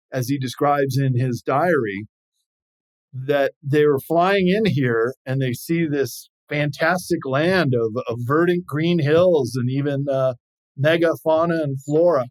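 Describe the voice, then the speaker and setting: Animated male author telling tales. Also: a little high, poor audio. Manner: animated storyteller, acts out quoted voices. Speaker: explorer and author guest. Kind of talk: storytelling interview chat.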